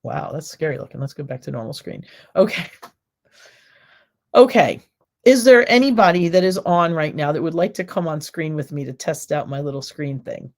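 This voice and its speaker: A woman's voice: deep voice, lively intonation, moderate pace, a little mellow. A woman hosting a casual home livestream, chatting and rambling directly to her viewers. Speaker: cooking show host. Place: home, by a back window.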